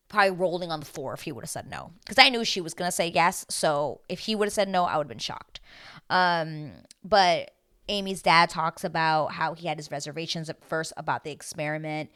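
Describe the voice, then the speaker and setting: A woman's voice: low voice, fairly bright tone. A young woman chatting casually as a recap vlogger, gushing and exclamatory.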